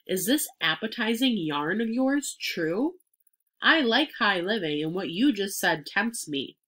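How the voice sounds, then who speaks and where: A woman reading aloud and voicing a grumpy, greedy male rat in a children's story, with a gruff, sulky manner. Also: medium pitch, animated, a little slow, a bit bright. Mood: grumbling.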